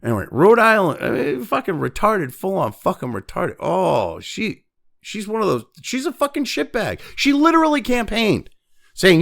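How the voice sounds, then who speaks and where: A high-voiced man with wildly swooping pitch, vocal fry, and a slightly bright tone hosts ranting news commentary. He reads the news quickly before breaking off to vent, cursing, exasperated, and sighing heavily.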